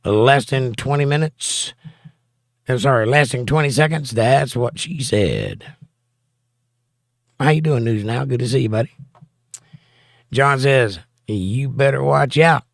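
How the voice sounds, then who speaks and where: A man's voice: medium pitch, unhurried, vocal fry, dry recording, studio quality. A man hosting a casual livestream from home, reading viewer chat aloud and joking back. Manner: reads chat messages aloud, wisecracking.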